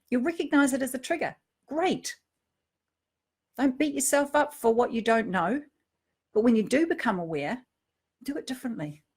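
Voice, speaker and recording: A middle-aged woman speaking on emotional triggers gives a reflective personal talk, discussing emotions and relationships earnestly. Her voice is a little high with a gravelly edge, sinking into hushed tones before rising into emphatic, lifted phrases.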